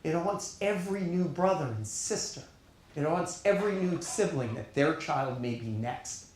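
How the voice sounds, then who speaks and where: A middle-aged man with a New York accent delivers a conference keynote, his voice sitting on the higher side. He speaks earnestly, leaning on words and pausing between phrases. The sound is heavily echoey, with the reverb of a big hall. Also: lively intonation, slight background noise. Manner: earnest, emphatic, with deliberate pauses.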